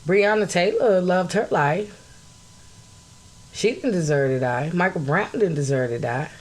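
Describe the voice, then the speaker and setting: A woman's voice: on the low side, expressive, unhurried. A woman hosting her own podcast, talking bluntly and angrily, swearing freely and greeting viewers as she goes. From United States. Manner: angry, blunt, swears, rises to shouting; greets live chat viewers mid-talk. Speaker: podcast host. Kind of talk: impassioned solo podcast talk.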